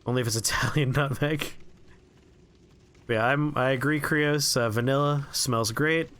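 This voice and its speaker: A man streaming a game, rambling through profane, relaxed anecdotes as he plays. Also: mid-range voice, moderate pace. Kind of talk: casual gameplay commentary and storytelling.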